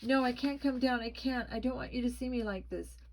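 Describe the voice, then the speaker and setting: A woman voicing a boy changed into an old man, with a shaky, croaking voice and a panicked, pleading way of talking. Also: mid-range voice, moderate pace, darkish tone, slight background noise, lightly acted.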